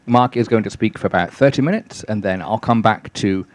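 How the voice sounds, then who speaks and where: A man's voice: on the low side, a little fast. A man hosting a club lunch, giving a formal introduction of the guest speaker with a few uhs. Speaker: event host introducing the speaker.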